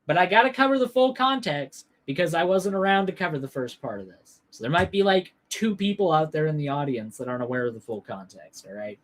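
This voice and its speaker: Speaking a little fast and pausing only occasionally, this slightly high-voiced man runs a political livestream. His commentary is profane and sarcastic, full of swearing, mock outrage and animated rants.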